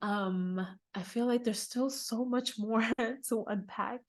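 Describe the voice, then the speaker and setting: A woman's voice: fairly high pitch, slow. A woman hosting a podcast, talking candidly and chattily about her own life and faith, with frequent fillers and laughs. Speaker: podcast host. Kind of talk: personal reflective monologue.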